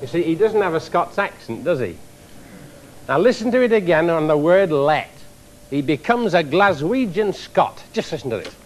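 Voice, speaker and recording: A man lecturing on engineering before a live audience, his voice swinging widely up and down as he demonstrates. He sits a touch higher than most men and keeps his explanations animated and showy. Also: normal speed. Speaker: engineering professor giving a lecture. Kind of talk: televised public science lecture.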